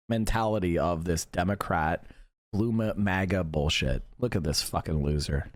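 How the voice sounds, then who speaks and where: A man's voice: sits low, moderate pace, dry recording, studio quality. A man hosting a livestream, ranting with heated sarcasm and lots of profanity. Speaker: livestream host. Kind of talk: ranting live commentary.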